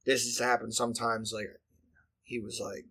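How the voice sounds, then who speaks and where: A man's voice: mid-range voice, little pitch movement, moderate pace, gravelly, pushed and bright, breathy edge. A man, telling a profane, rambling story in casual chat. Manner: profane, rambling, filler-heavy delivery.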